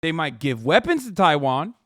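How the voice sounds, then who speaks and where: A man's voice: a little high, very animated, normal speed, fairly bright tone, no echo, clean studio sound. Sarcastic, swearing male streamer. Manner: profane, sarcastic, ranting. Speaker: live streamer. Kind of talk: casual live-stream commentary.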